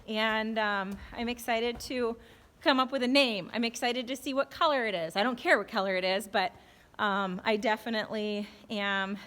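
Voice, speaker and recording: A woman vlogging about her horse in a casual, excited way, with plenty of fillers, speaking at a barn while grooming her mare. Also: on the high side. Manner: excited and chatty, many fillers. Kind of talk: casual vlog chat. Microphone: handheld camera.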